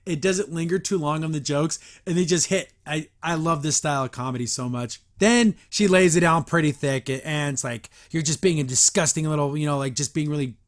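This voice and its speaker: A man hosting a casual episode review, chatty and quick to laugh, with lots of filler words. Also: on the high side. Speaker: host.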